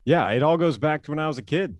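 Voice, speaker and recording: A man being interviewed as a guest, telling stories in a playful, animated way with frequent laughs. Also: a little high, quick pace, no echo. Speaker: guest, former pitcher and broadcaster. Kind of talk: casual interview storytelling.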